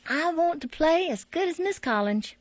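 A woman's voice: very high-pitched, expressive, moderate pace, dry recording, voice pushed up. A woman voicing a spirited, stubborn nine-year-old girl with a pleading, childish manner in a storybook reading. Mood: eager. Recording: dull, dry lo-fi audio.

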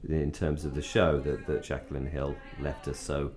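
A man's voice: a bass voice, little pitch movement, moderate pace, a little mellow. A man co-hosting a casual fan podcast, rambling with many restarts and asides. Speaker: podcast co-host.

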